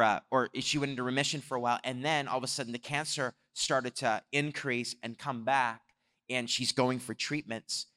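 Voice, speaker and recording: A man preaching a sermon, telling a story in an animated way and swelling louder on his exhortations. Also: mid-range voice. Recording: long hall reverb.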